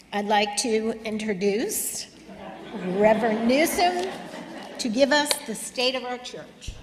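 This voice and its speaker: A woman, board president, welcoming a congregation to its annual meeting, gently and with many ums. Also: on the high side. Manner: gentle and hesitant, with frequent ums. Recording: echoey hall with faint noise.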